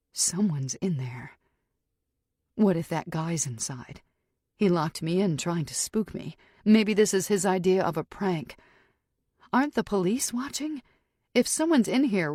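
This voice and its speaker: A woman's voice: low voice, a little mellow, no echo, clean studio sound. Woman narrating a tense thriller audiobook. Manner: tense, suspenseful storytelling. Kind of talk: first-person audiobook narration.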